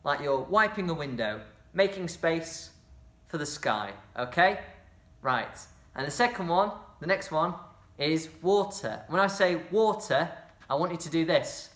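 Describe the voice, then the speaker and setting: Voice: mid-range voice, lively intonation, measured pace, fairly bright tone, echoey room. A drama workshop leader guiding children through a movement game, encouraging them and making playful sound effects.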